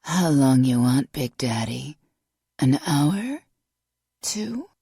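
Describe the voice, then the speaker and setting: A woman voicing a female undercover agent posing as a floozy, with a rough, smoky rasp. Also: very deep voice, big pitch swings, slow, dark tone, no room sound, studio quality, full character voice. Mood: sultry.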